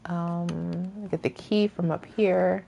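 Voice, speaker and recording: A woman streamer chatting casually over her gameplay, rambling and often trailing off into soft murmurs. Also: on the low side, steady tone, slow, gravelly, slight background noise. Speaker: gaming streamer.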